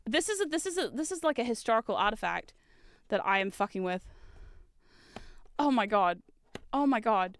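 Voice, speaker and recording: Brief: chatty woman streamer, higher-pitched, crisp, loud swearing outbursts. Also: sing-song, moderate pace, long pauses, no room sound, studio quality. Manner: chatty, swears, laughs often, exclaims loudly. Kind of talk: casual live-stream chat.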